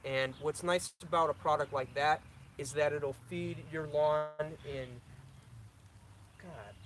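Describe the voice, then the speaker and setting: A man's voice: fairly high pitch, steady tone, measured pace. A young man hosting a casual live stream, answering viewer questions in a loose, rambling way with lots of restarts.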